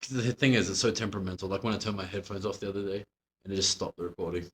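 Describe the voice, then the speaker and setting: A man's voice: sits low, steady tone, very fast, fairly bright tone. A man co-hosting a podcast in casual chat, laid-back, swearing freely and laughing often. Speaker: podcast co-host.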